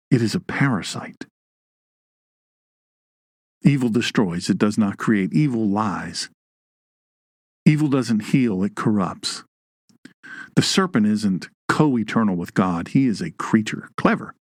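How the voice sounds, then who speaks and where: Lively, folksy male Bible teacher. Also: lowish voice, no room sound, studio quality. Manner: folksy, jokey asides, reads live chat. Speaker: Bible teacher and show host.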